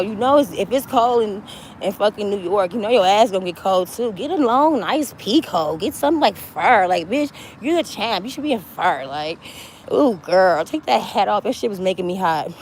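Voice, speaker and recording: A woman's voice: medium pitch, animated, moderate pace, darkish tone, a little hiss or hum. Blunt, mocking woman gossip commentator. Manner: blunt, mocking, swears freely.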